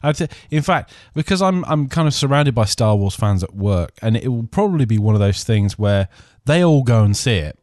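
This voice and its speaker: A man's voice: mid-range voice, lively intonation, moderate pace, hardly any pauses, darkish tone, dry recording, clean studio sound. A man hosting a podcast, rambling through casual chat with many fillers and restarts. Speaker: podcast host.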